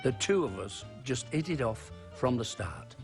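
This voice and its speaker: A man's voice: medium pitch, expressive, unhurried, creaky, faint music behind. A man narrating his comedy career in a plain, wry tone. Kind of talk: documentary narration.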